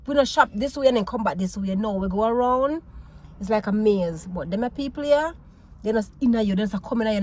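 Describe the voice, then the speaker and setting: A Jamaican woman vlogging, telling a story in a casual, animated way, laughing often and mixing patois with English. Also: mid-range voice, slight background noise.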